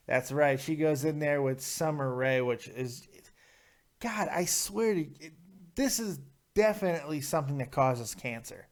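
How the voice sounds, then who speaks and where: A man's voice: a little high, moderate pace, a little mellow. A man hosting a live call-in review show, talking in a brash, profane, mocking way as he answers chat comments. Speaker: show host reviewing wrestling.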